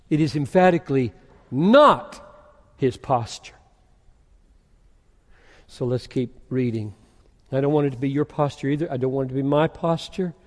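A man's voice: medium pitch, moderate pace, long pauses. A man preaching a sermon, asking rhetorical questions and reading scripture aloud with rising, emphatic force. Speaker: pastor. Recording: long hall reverb.

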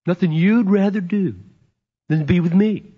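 A man voicing a delighted adult wife with gushing, breathy exclamations, on a dull lo-fi recording. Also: sits high, animated, moderate pace, pitched above the performer's own voice, exaggerated voice. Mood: indignant.

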